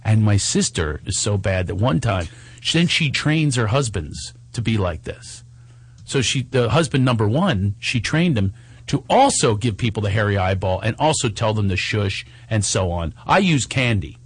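A man co-hosting a casual chat show, telling stories in an animated, exasperated way and laughing often. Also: fairly low pitch, moderate pace, husky, no echo. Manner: animated storytelling with frequent laughs; exasperated ranting. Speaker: podcast co-host.

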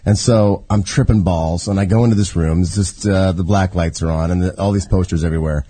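A man's voice: deep voice, fairly even intonation, a little fast, warm tone, husky. A man co-hosting a casual podcast chat, telling a story in a laid-back, rambling way. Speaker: regular co-host.

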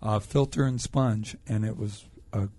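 A man's voice: on the low side, fairly even intonation, a little slow, dark tone. A middle-aged man, a musician guest on a radio show, talking in an easygoing, joking way and laughing often. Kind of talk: casual radio interview.

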